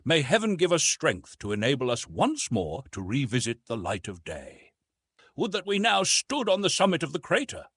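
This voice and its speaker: A man's voice: a little high, wildly swooping pitch, moderate pace, fairly bright tone, breathy edge, no echo, clean studio sound, pitched above the performer's own voice, exaggerated voice. A man reading the part of a weary young nephew in an audiobook, pleading and distressed. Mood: desperate.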